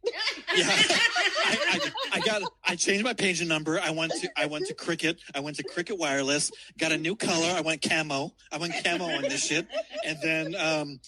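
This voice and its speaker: A man's voice: on the high side, fairly quick, bright, forceful tone, low-quality recording. A man calling in from outdoors downtown, telling a rambling, profane story with frequent laughter. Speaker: caller. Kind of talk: casual storytelling.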